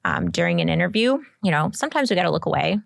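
A woman's voice: on the low side, wildly swooping pitch, racing, vocal fry, no room sound, studio quality. A woman career coach co-hosting a casual advice chat, upbeat and encouraging as she gives tips. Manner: upbeat, encouraging, advises in a friendly chatty way.

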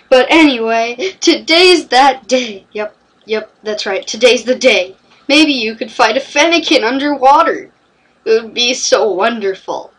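A woman's voice: a little high, a bit bright, far from the mic. A woman giving playful, chatty gameplay commentary and talking to the game characters. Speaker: let's play commentator.

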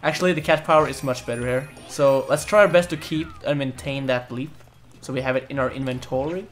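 A young man casually commentating a co-op platform game, excitable, cursing often and bursting into loud laughter. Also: medium pitch, quick pace. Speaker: gaming video host. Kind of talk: casual let's-play commentary.

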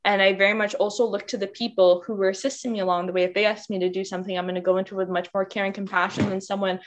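Fast-talking passionate woman panelist. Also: mid-range voice, little pitch movement, slight background noise. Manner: passionate and outspoken. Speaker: workshop panelist. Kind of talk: candid panel discussion.

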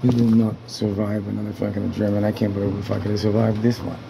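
A man in his apartment, ranting with a low, gravelly voice that barely moves in pitch. He is agitated and swears constantly, circling back and repeating himself. A steady hiss of noise sits under the home recording. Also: fast talker. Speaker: tenant vlogger. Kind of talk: angry rambling rant. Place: apartment indoors.

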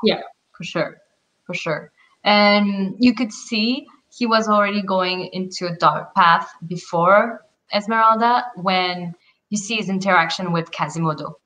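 A woman guest in a casual book discussion, speaking in a measured, thoughtful way and pausing to find words. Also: medium pitch, sharp tone, poor audio.

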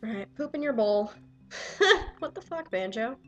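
A young woman swearing and yelling excitedly at the game she plays while commenting. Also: on the high side, normal speed, lo-fi sound, faint music behind. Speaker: let's player. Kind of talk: casual gameplay commentary.

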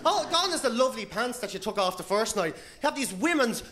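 An Irish man doing a stand-up routine in a comedy club, animated and laughing as he acts out quotes. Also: extremely high pitch, fairly quick. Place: comedy club with live audience. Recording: loud audience laughter, background noise.

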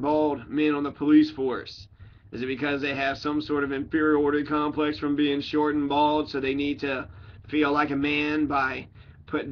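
A man's voice: a little high, dull audio, a little hiss or hum. A man reading a crime book aloud in a casual way, often breaking off for joking tangents and correcting his own slips. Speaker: audiobook reader. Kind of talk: casual read-aloud with rambling asides.

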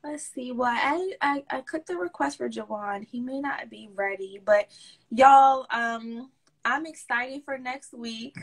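A woman's voice: high voice, husky. A woman with a mix of DC, Baltimore and Southern accents, chatting casually as host of a live stream and reading out viewer comments. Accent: mixed DC, Baltimore and Southern US. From DMV area, United States. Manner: chatty, upbeat, talks fast when excited.

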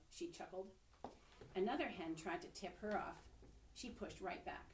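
A woman expressively reading a picture book aloud to children, pausing to point out the pictures. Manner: expressive, pauses to show pictures. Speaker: storybook reader. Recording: echoey room, distant mic, faint rumble.

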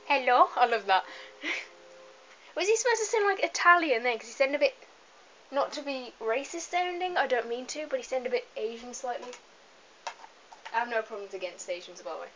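Young woman rambling and giggling over a game at home, slightly high voice, muffled camera audio with a bit of hiss. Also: lively intonation, moderate pace, pauses often, a bit bright. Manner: chatty, giggly, rambling asides. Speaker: let's play gamer. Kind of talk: casual gameplay commentary. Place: home room, moving away from the camera at times. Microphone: camera mic.

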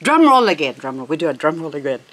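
A woman's voice: low voice, sing-song, quick pace, noisy background. A woman hosting a plant haul vlog, chatty and gushing, laughing often as she unwraps her plants. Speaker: succulent channel host.

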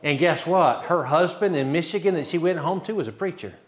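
A man's voice: fairly high pitch, a little fast. A man pastor telling a testimony in a sermon, acting out dialogue and laughing often. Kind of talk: sermon storytelling.

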